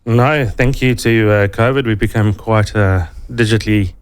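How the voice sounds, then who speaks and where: A man with a South African accent, a financial adviser explaining investing in a relaxed way, with many ums, in a radio interview. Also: on the low side, moderate pace, clear, resonant tone.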